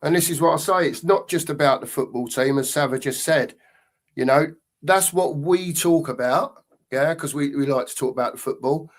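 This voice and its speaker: A man's voice: fairly high pitch, normal speed. A man in a casual football fan chat, rambling and thinking aloud with fillers.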